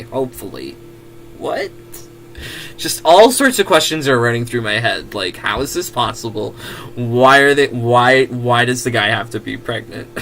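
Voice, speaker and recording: A man's voice: a little high, bright, forceful tone, a little hiss or hum. A giggly man who laughs often, reading fan fiction aloud with casual comedic comments.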